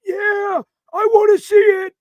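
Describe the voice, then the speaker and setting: A man putting on the voice of an eager elderly football fan, high and reedy. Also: level tone, slow, no room sound. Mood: excited.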